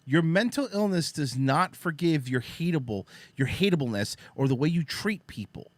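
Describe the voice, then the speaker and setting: A man's voice: a little high, lively intonation, normal speed, no room sound. Blunt, profane male host. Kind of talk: casual profane chat.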